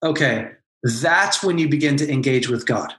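A man's voice: mid-range voice, normal speed, a bit bright, reverberant. A man and former pastor, talking as a podcast guest and telling an emotional personal story with earnest intensity. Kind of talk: candid podcast conversation.

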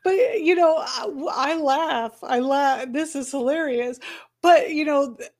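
Woman, interview host, high voice, unhurried, laughs easily. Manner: laughs easily, brief encouraging replies. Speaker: podcast host. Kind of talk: casual interview chat.

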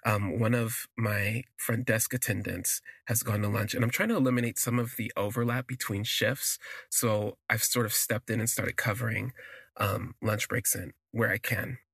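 A man telling a personal story in an expressive, self-deprecating way, drifting into asides. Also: lowish voice, normal speed, gravelly, slightly rough, no echo, studio quality. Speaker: podcast storyteller.

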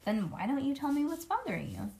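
A woman reading the lines of a gentle, coaxing male school principal. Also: high-pitched, wildly swooping pitch, fast, creaky, a little hiss or hum, voice pushed up, exaggerated voice.

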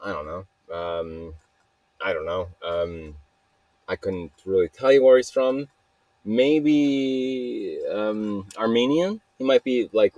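A man hosts a solo podcast in a loose, rambling way. He laughs often at his own stories. His voice sits low and sounds close and dry. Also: darkish tone, no room sound. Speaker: podcast host. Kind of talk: casual solo monologue.

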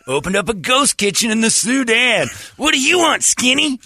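A man doing a mocking impression of a loud, pushy male celebrity chef with hammy salesman patter. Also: very high voice, very animated, moderate pace, gravelly, slightly rough, voice pushed up, exaggerated voice.

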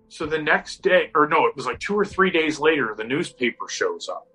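A man's voice: on the high side, normal speed, slightly rough, soft background music, low-quality recording. A man casually telling a spooky story, acting out the people in it. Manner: animated, acts out quotes. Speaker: guest storyteller.

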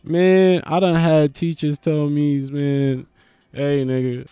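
A man doing a comedic monologue, animated and profane, riffing with lots of restarts. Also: a little high, slow pace, clean tone, no echo, soft background music. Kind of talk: stand-up style comedic monologue.

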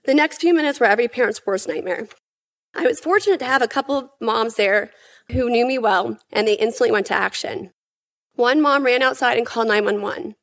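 Earnest woman reading testimony. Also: fairly high pitch. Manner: earnest, emphatic, measured. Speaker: witness testifying at a hearing.

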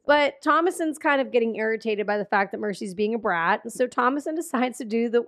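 A woman with a notably high voice co-hosts a relaxed film recap podcast. She talks in a blunt, chatty way, giggling often and dropping casual swears. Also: fairly quick. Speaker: podcast co-host.

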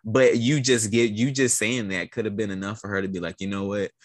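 A man co-hosting a podcast, responding in an affirming, animated way with casual slang. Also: on the low side, a little fast, no echo, clean studio sound. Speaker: podcast co-host. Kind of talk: casual chat.

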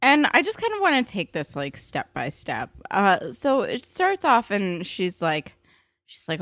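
A woman casually recapping a TV episode as podcast co-host, chatty and full of fillers, popping into higher voices when she quotes characters. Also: sing-song, moderate pace, fairly bright tone, dry recording, studio quality.

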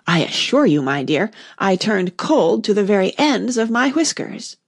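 A woman's voice: mid-range voice, very animated, measured pace. A woman voicing a timid, fussy old chess king in a storybook reading, speaking plaintively in her own register. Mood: fretful.

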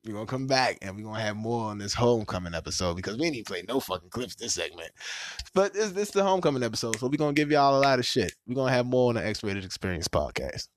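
A man hosting a podcast, telling a story in casual, profane talk and acting out quotes with sudden leaps in pitch. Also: racing, no room sound, clean studio sound. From Washington, D.C. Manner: animated, profane, acts out quotes with big pitch jumps. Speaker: podcast host.

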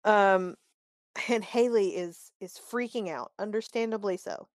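A chatty woman talking through a TV episode with a co-host, animated and quick to act out lines. Her voice sits at a middling pitch and is recorded very dry and close. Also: no echo. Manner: chatty and animated, acts out quoted lines, openly annoyed. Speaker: podcast co-host recapping a TV episode. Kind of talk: casual chat.

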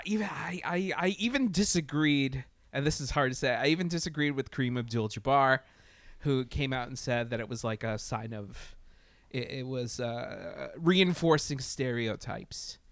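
A man in casual podcast chat, talking in a profane, animated way, with many fillers and restarts. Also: mid-range voice, vocal fry, dry recording. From Latin America.

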